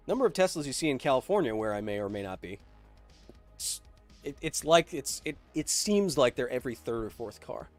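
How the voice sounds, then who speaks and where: A man's voice: medium pitch, very animated, a little fast. Male host, mid-range voice, casual livestream Q&A, rambling and full of ums, faint music underneath. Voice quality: rambling, filler-heavy, reads chat questions aloud. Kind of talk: livestream Q&A chat.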